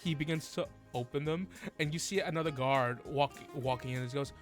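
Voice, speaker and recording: A man narrating as game master of a tabletop game, halting and quick to laugh. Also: a little high, faint music behind.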